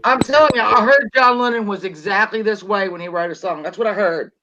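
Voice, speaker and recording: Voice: mid-range voice, fairly quick, dull audio, noisy background. A stream guest chatting casually, with a joking, drawling, emphatic way of talking. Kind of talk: casual chat.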